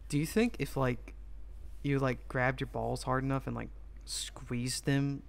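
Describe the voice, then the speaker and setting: A man's voice: medium pitch, flat delivery, measured pace, vocal fry. A young man co-hosting a casual podcast, rambling through crude stories with a lot of "like" and frequent laughing. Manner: rambling storytelling, lots of "like", bursts of laughter. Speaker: podcast co-host.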